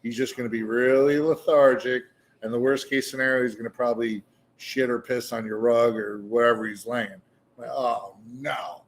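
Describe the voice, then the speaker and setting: A man's voice: medium pitch, fairly even intonation, normal speed. Profane storytelling man at a bar. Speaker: guest. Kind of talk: casual storytelling. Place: meadery bar.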